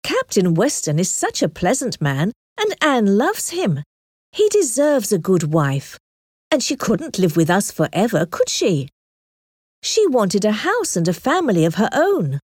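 A woman voicing a lively, confident young woman who talks brightly and briskly. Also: medium pitch, no room sound, studio quality. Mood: earnest.

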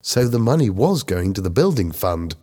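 A man voicing Lisa, a quick-tempered teenage schoolgirl who speaks sharply and indignantly. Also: fairly low pitch, very animated, dark tone, breathy edge.

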